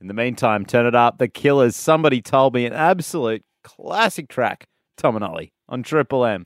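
Lively joking Australian radio host, man. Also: mid-range voice, a little fast, dry recording, clean studio sound. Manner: jokey, playful, bursts of laughter. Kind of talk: breezy radio banter. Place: radio studio.

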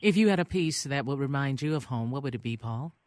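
A woman hosting a casual radio interview, enthusiastic and quick to react. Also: a bass voice, expressive, darkish tone. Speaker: radio host.

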